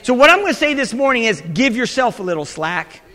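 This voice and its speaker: Male pastor, sermon, very high bright voice, emphatic, church hall reverb. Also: big pitch swings, fairly quick. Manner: emphatic, repeating "amen" to the congregation.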